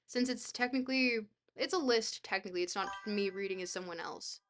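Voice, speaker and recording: A woman's voice: medium pitch, brisk, a bit bright, soft background music. A woman streaming live, reading a dense book aloud and breaking off to chat, often hesitating with fillers and laughing at herself. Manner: laughs easily, self-deprecating.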